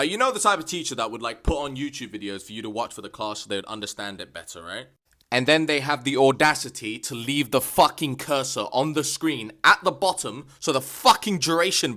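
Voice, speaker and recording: A young man vlogging comic rants, swearing constantly and bursting into exasperated shouts. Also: medium pitch. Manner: profane, exasperated ranting with sudden shouts. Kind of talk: comedic rant vlog.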